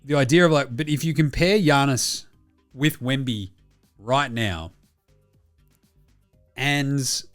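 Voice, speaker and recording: An Australian man hosting a solo sports talk show, bluntly rambling and swearing constantly as he reads out listener messages. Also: medium pitch. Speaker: podcast host.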